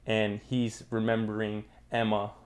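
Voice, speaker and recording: A young man hosting a casual manga review channel, talking in energetic slang with lots of fillers. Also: on the low side, a little slow. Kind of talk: casual chat, recapping a manga.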